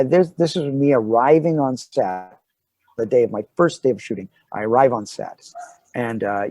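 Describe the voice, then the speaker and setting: A middle-aged man with a slightly husky voice tells a story with real animation, slipping into the voices of the people he quotes. The sound is dry and close, with almost no room around it. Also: medium pitch, no room sound, rough recording. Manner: animated storyteller acting out dialogue. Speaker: actor guest. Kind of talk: casual anecdote telling.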